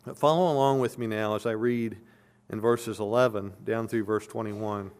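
A man's voice: lowish voice, steady tone, moderate pace. A male pastor preaching an expository sermon, reading scripture aloud and explaining it verse by verse with earnest emphasis.

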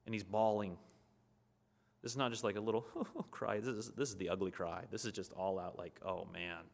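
Low-voiced man preaching a sermon. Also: a little fast, creaky. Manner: earnest, conversational preaching with scripture reading.

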